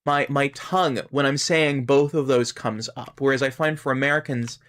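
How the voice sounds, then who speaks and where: A man's voice: medium pitch, fairly even intonation, moderate pace, few pauses, a bit bright. A man with a Canadian accent chatting casually while streaming a game, rambling and musing aloud. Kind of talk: casual gaming stream chat.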